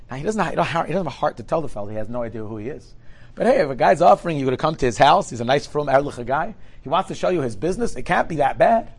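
Brief: male storyteller, quick delivery, husky voice, animated quotes. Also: medium pitch. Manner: lively, acts out every quoted speaker.

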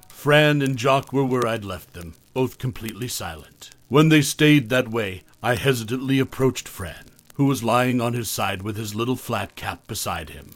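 A man reading a first-person horror story aloud in a measured, low-key way.

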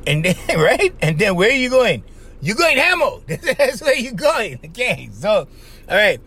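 A man hosting a podcast, giving casual advice in an animated monologue, laughing often and acting out little voices. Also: sits high, a little slow, husky. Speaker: podcast host.

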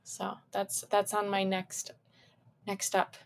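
Slow-talking woman in relaxed chat. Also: mid-range voice, vocal fry. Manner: relaxed, agreeable, lots of short affirmations. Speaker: podcast co-host. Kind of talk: casual chat.

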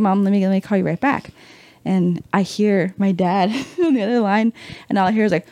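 A woman's voice: mid-range voice, a little fast, no room sound. A young woman, a podcast guest, telling a story in casual chat, acting out quotes with swearing and slang. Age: young adult. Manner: animated, acts out quotes, swears freely, slangy.

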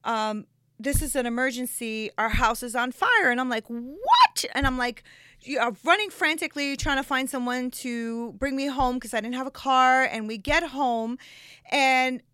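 Bright-voiced woman, tearful testimony. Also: high voice, moderate pace, clean tone, no echo, clean studio sound. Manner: tearful, dramatic retelling with voiced quotes. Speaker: guest telling her testimony. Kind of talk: emotional personal testimony.

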